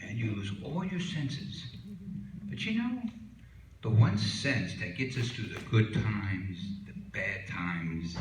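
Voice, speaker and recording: A man's voice: lowish voice, lively intonation, slow, a little hiss or hum. Rambling older man telling stage jokes. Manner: rambling, folksy, heavy on "you know" fillers. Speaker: stand-up comic. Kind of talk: stand-up joke telling. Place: small comedy club stage. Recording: echoey room from far off.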